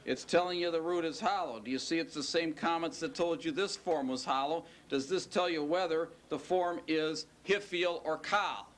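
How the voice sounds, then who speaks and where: A man teaching a class and lecturing, quizzing students and stretching out the key words. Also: on the high side. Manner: questioning, drawn-out stressed words. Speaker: Hebrew teacher.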